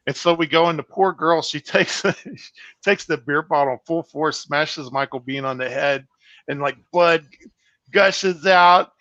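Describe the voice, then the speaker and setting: A man's voice: fairly high pitch, unhurried, no echo. A man, a horror film director, telling casual, profane stories as a guest on a video call, with lots of fillers. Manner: animated, swears freely, many fillers. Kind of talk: casual anecdotal storytelling. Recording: dull, muffled call audio.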